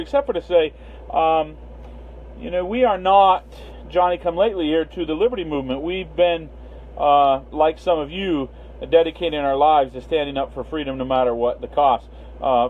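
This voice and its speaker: A man hosting a casual livestream, rambling with many fillers and greeting viewers by name. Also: on the high side. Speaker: livestream host. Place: Las Vegas. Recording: tinny phone-line sound, faint hiss.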